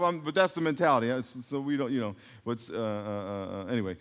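A man's voice: medium pitch, brisk, few pauses, fairly bright tone. A man preaching a sermon, leading the congregation in call-and-response and adding humorous asides. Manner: call-and-response, having the congregation repeat words. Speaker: pastor. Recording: long hall reverb.

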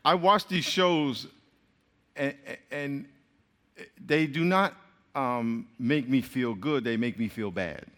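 A man preaching a sermon to a crowd in a lively, joking way, speaking straight to them. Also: mid-range voice, takes it slowly, long pauses. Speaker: pastor. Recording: long hall reverb.

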